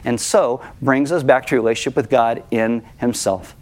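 A male pastor preaches in an easy, conversational way with mid-range pitch. He jokes at his own expense, then slows down to land his points. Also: a little mellow. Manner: conversational, self-deprecating, slows for emphasis. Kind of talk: sermon.

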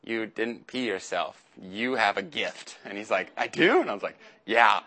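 A man's voice: lowish voice, measured pace, bright, forceful tone. A young man preaching a casual sermon as a youth pastor, chatty and acting out quotes in little voices.

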